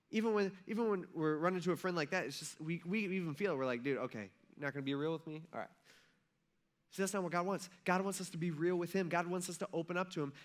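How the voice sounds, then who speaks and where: A male pastor giving a conversational sermon in a church, acting out quotes with rising intensity. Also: high-pitched. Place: church sanctuary.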